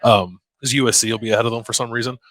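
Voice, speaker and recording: A man co-hosting a casual sports podcast, chatty and quick to laugh, with lots of fillers. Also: mid-range voice, steady tone, a bit bright, no echo. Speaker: podcast co-host.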